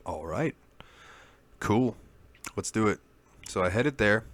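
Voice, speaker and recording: A man's voice: lowish voice, expressive, slow, fairly bright tone. A man co-hosting a gaming podcast, telling a long story in casual chat and swearing freely. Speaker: podcast co-host.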